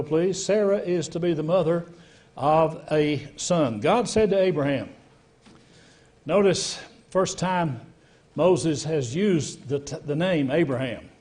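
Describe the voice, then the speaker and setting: A man's voice: a little high, animated, measured pace, darkish tone. A man, a pastor, leading a Bible study and explaining verses step by step while asking the class questions. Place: church.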